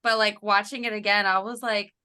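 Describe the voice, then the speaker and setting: Woman co-host, animated and giggly, bright tone, chatty podcast review. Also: mid-range voice, fairly quick, clean tone. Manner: laughing, animated storytelling. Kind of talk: casual chat reviewing a film. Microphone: remote call.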